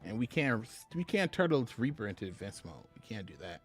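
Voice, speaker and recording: A man's voice: fairly low pitch, sing-song, fast talker, a bit bright, soft background music. A man commentating live on his own card game play, chatty and laughing, talking to his viewers. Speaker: game streamer.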